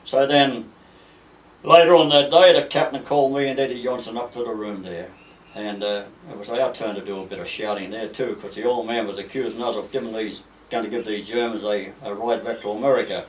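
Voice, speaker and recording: An older Australian man, a retired merchant seaman, reminiscing at length with halting, rambling speech and many fillers. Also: lowish voice, fairly even intonation, a little hiss or hum. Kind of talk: reminiscing storytelling. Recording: roomy, distant mic, faint ambience.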